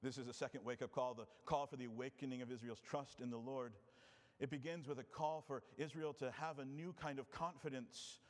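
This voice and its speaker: A male preacher delivers an expository sermon in a voice of ordinary middle pitch. He talks earnestly and rhetorically, letting his voice sink quietly on key words. The sound carries a long reverb, as in a church sanctuary. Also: fairly quick. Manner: earnest, rhetorical, drops soft for emphasis.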